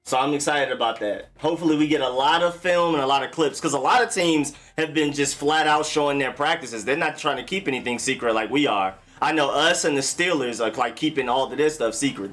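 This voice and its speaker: A man's voice: medium pitch, fairly bright tone. A young man hosting a football live stream, talking in a loose, slangy, chatty way and greeting viewers by name. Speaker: sports live stream host. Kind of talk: casual live-stream talk.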